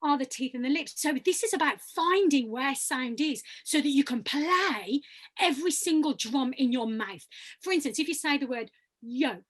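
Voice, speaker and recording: A woman with a high, bright-sitting voice leads vocal warm-ups over a video call. She encourages her students and demonstrates each sound herself. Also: expressive, moderate pace. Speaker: voice workshop leader. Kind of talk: leading vocal exercises.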